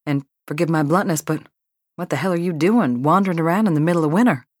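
A woman narrator voicing a blunt, feisty young ranch wife who talks in a brisk, teasing way. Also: sits low, darkish tone, no room sound, studio quality.

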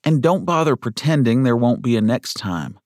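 A man voicing a feisty, sharp-tongued young woman schoolteacher in an audiobook. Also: medium pitch, moderate pace, dry recording, clean studio sound, voice pushed up, natural voice. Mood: tart. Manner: clipped, scolding.

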